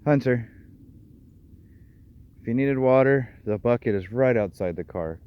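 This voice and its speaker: A man's voice: medium pitch, unhurried, smooth. A man, a dog trainer, explaining his dogs' behavior and calling to them on an outdoor walk. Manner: calls out to dogs, explains their behavior. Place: outdoors on a trail. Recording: dull lo-fi outdoor recording.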